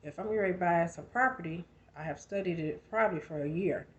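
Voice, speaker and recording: A woman's voice: fairly low pitch, a little fast, muffled recording. A woman in her thirties giving a conversational motivational talk, emphatic and full of rhetorical questions. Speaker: motivational speaker.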